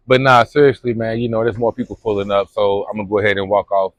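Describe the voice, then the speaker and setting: A man's voice: mid-range voice, flat delivery, fairly quick, no echo. A young man from Kentucky, vlogging outdoors at a spring on a phone camera, talking in a loose, slangy, rambling way. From Louisville, Kentucky. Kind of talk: casual vlog chat.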